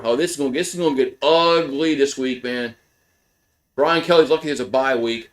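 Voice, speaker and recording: A man calling a football game play-by-play on a livestream as a frustrated fan, rambling with restarts and now and then swearing, his voice jumping up on big plays. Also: normal speed. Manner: voice jumps high and loud on big plays. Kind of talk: casual play-by-play commentary.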